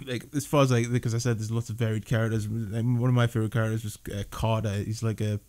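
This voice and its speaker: A man's voice: fairly low pitch, flat delivery, quick pace, mellow. A man casually reviewing a film with a friend, rambling, restarting often and laughing a lot.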